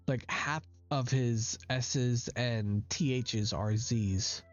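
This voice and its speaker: A man talks casually through a game session, reading the on-screen text and picking at its flaws. His voice sits at a middle pitch, and the recording sounds dull and lo-fi, with faint game music playing under him. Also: drawn-out words, hardly any pauses. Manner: reads game text aloud and nitpicks it. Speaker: gamer. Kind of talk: casual gameplay commentary.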